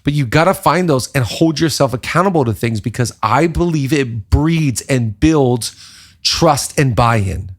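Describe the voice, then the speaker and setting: A man hosting a casual leadership podcast, talking in an animated preaching cadence with repeated phrases. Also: medium pitch, measured pace. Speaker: podcast host, pastor.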